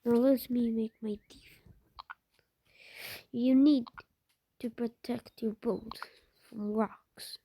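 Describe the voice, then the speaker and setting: Breathy woman muttering over a game. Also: a little high, steady tone, slow pace, pauses often, mellow. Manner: swears a lot, drops into muttered whispers. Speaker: gamer. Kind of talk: casual gameplay commentary.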